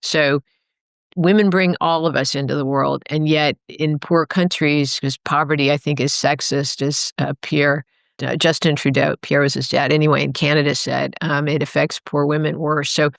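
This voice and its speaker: A woman's voice: deep voice, flat delivery, normal speed, vocal fry, no echo, clean studio sound. Earnest rambling woman author. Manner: earnest, rambling with self-corrections. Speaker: guest author. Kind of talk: reflective interview talk. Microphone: remote call microphone.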